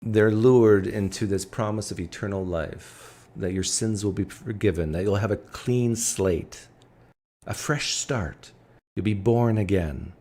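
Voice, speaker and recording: Man, stream host, reaction commentary, slightly low voice, deliberate emphasis. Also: dark tone.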